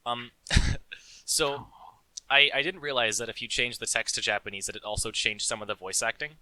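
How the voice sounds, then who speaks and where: A man's voice: medium pitch, steady tone, normal speed, sharp tone, no room sound, poor audio. A young man co-hosting a casual podcast, rambling with stumbles and restarts. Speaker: podcast co-host. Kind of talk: casual chat.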